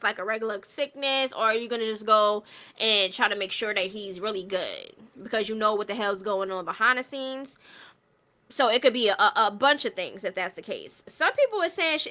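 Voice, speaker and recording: A woman's voice: a little high, sharp tone. A woman hosting a stream, giving blunt, exasperated gossip commentary straight to her viewers. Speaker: stream host commenting on clips.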